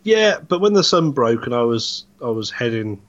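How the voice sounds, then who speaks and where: A man chats easily on a podcast, wandering from one story to the next. His voice sits at an ordinary mid pitch. He speaks in a relaxed, conversational way. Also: moderate pace, lo-fi sound. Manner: rambling, easygoing storytelling. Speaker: podcast co-host, truck driver. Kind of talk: casual chat.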